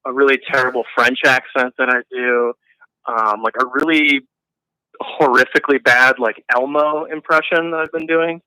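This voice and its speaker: A man chatting casually with a friend, playful and jokey, quick to laugh. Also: mid-range voice, fairly even intonation, pushed and bright, smooth, no echo, low-quality recording. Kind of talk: casual chat.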